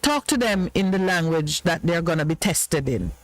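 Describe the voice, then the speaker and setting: A man's voice: on the high side, animated, normal speed, dry recording, rough recording. A Jamaican man hosting a radio talk show, chatting casually and laughing often.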